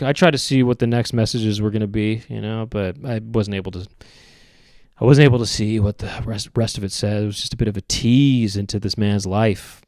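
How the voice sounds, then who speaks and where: A podcast host rambles through a comedic monologue in a lowish voice, halting and hesitant, restarting often and drawing out his phrases. The recording is dry and studio quality.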